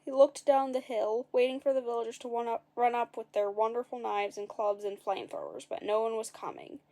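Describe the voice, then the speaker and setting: A woman's voice: on the high side, fairly quick, dark tone. A woman reading a children's story aloud, with playful asides to the listeners.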